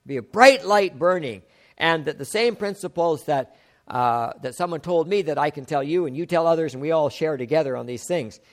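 A middle-aged man preaching a sermon, reading scripture and slowing to stress key phrases. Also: a little high. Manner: emphatic, slows and rises on key phrases. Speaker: pastor.

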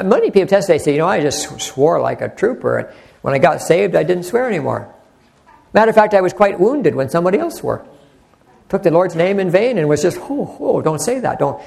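Older man, pastor, sermon, somewhat high-pitched, earnest, rambling, conversational. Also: creaky.

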